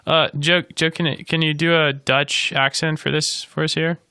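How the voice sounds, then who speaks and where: A man's voice: on the high side, flat delivery, moderate pace, sharp tone, clear, resonant tone, dry recording, studio quality. A man co-hosting a casual podcast chat, rambling and joking with many restarts. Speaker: podcast co-host.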